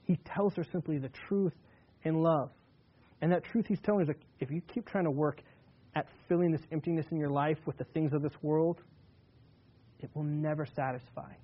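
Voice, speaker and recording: A male preacher with a fairly high voice gives a laid-back, conversational sermon, heard through a muffled recording. Scripture passages get read aloud more slowly and with emphasis.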